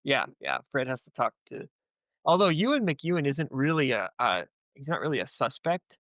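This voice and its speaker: A man's voice: mid-range voice, very animated, moderate pace, fairly bright tone, dry recording, studio quality. A man guesting on a casual podcast, tentatively thinking aloud as he plans a story. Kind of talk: casual story-planning chat.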